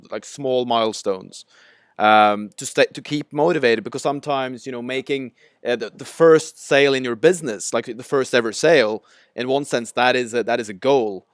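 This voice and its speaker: A man's voice: medium pitch, clear, resonant tone, no echo, studio quality. A man hosting an interview who asks a hesitant question full of fillers. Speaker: interview host.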